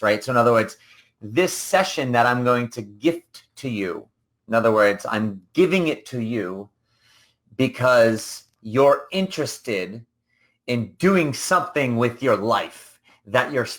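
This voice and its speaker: A man's voice: mid-range voice, a bit bright. A man hosting a solo coaching podcast, talking casually and rambling, often acting out the people he quotes. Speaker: business coach and podcast host.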